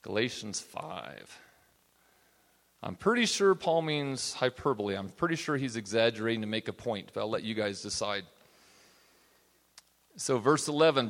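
A man's voice: lowish voice, lively intonation, moderate pace, creaky, pauses often, fairly bright tone. A man teaching a Bible study class in a conversational way, often checking in with his listeners. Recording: reverberant hall.

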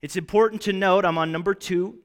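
Brief: animated preacher, high voice, chatty teaching in a reverberant hall. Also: male voice, fairly quick. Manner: conversational, animated with checking questions. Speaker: Bible teacher. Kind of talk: sermon teaching.

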